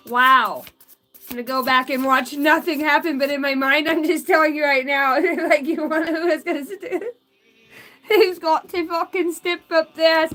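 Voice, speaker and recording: A woman's voice: high-pitched, measured pace, fairly bright tone. A woman doing a live tarot and oracle card reading, giggling often, swearing freely and chatting in asides to her spirit guides.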